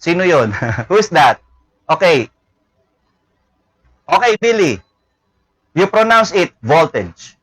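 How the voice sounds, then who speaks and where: A man's voice: high-pitched, very animated, slow pace, long pauses, a bit bright, no room sound, rough recording. Filipino teacher, man, leans on "no?" and "okay?", dry close sound. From Philippines. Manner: repeats words, tag questions "no?" and "okay?". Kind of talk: classroom lecture. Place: classroom.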